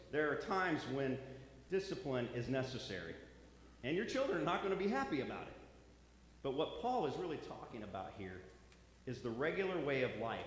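A male preacher with a lively, animated pitch that climbs and falls as he speaks, folksy at first and then earnest. He is heard in a very echoey hall with a long reverb tail and a faint background hum. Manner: folksy joke-telling, then earnest exhortation. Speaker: pastor. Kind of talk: sermon.

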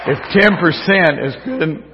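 A man preaching a sermon to his congregation in a folksy, joking way, his voice a little hoarse because he is losing it. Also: a little high, sing-song, moderate pace, some chatter behind, slight background noise. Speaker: pastor. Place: church sanctuary. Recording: distant, dull church recording with long reverb.

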